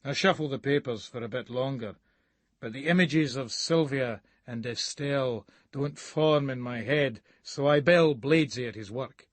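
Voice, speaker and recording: A man's voice: medium pitch, moderate pace, no echo. A man with a Scottish accent reading a first-person novel as an audiobook narrator, coarse, profane and sneering.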